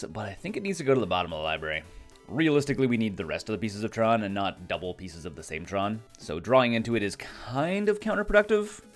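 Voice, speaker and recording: Guy doing a fake aussie accent, low voice that swings all over, chatty gameplay talk, laughs at himself. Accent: put-on Australian. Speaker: gameplay commentator. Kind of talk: casual gameplay commentary.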